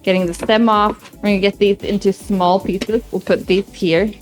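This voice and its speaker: A woman's voice: mid-range voice, steady tone, normal speed, over music. A young woman from Sweden with a light Swedish accent, chatting casually and rambling as she cooks on stream. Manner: chatty, rambling, playful asides. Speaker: streamer cooking host. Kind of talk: casual cooking chat.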